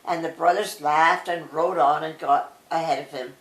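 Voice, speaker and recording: An older woman reading a bedtime story aloud, with an expressive storytelling manner. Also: sits low, moderate pace. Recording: roomy echo.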